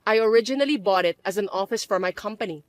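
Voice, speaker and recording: A woman voicing a calm young businesswoman who answers in a cool, measured, dry way. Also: mid-range voice, no echo, natural voice. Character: calm self-made businesswoman, young adult. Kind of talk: dramatized story dub.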